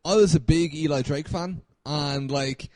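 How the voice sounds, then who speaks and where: A man with a somewhat high voice, recorded dry, talking in a relaxed, modest way. He often pauses and fills gaps as he gathers his thoughts. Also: no room sound. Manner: easygoing, modest, halting with fillers. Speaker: podcast co-host. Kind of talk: casual chat.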